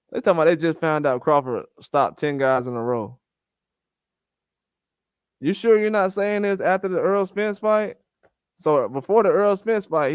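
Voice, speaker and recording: Ranting man with a smooth, slightly high voice. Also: dry recording, studio quality. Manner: ranting, acts out quoted conversations. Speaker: boxing channel host. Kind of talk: casual boxing commentary.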